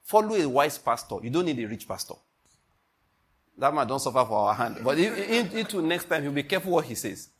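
A pastor preaching an emphatic sermon, often asking the congregation if they follow. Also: male voice, on the high side, big pitch swings, fairly quick, a bit bright, slightly rough.

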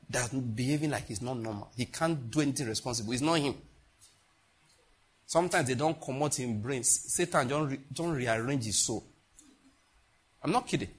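A man preaching a sermon as pastor, repeating phrases and swinging between loud and hushed delivery. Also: mid-range voice, breathy edge.

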